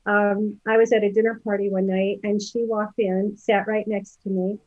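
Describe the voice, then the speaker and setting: A woman's voice: medium pitch, level tone, normal speed, darkish tone, no room sound. Chatty fifties woman guest, loose and digressive; dull dry recording. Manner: chatty, rambling, many fillers and restarts. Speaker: podcast guest. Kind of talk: casual storytelling interview.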